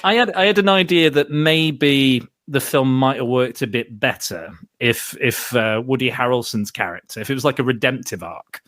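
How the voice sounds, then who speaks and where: A man's voice: medium pitch, normal speed, few pauses, a bit bright, no echo, clean studio sound. A man hosting a film podcast, chatting loosely with plenty of restarts and fillers. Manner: rambling, many restarts and fillers. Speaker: podcast host. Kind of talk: casual film discussion.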